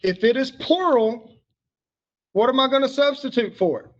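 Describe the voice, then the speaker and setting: High-voiced man teaching grammar. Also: lively intonation, lo-fi sound. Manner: patient, asks the class questions and pauses for answers. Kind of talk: grammar lesson to a class.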